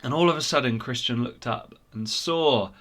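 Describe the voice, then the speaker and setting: A man retelling a story for children at church, animated and expressive. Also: medium pitch, normal speed.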